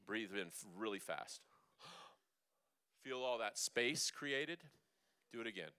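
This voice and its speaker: Bright, clear-voiced male vocal coach. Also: lowish voice, expressive, normal speed. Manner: upbeat, coaxing, demonstrating hums and breaths. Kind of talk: leading a group vocal workshop. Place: church hall.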